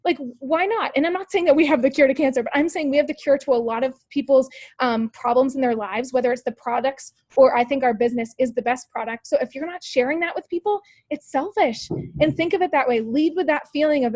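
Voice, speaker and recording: A woman with a high, darkish-toned voice talks fast in a dry recording with no room sound. She's a team leader on a sales call, running a motivational meeting with upbeat, peppy coaching. She addresses her listeners directly, firing off rhetorical questions and leaning heavily on "like" and "you guys."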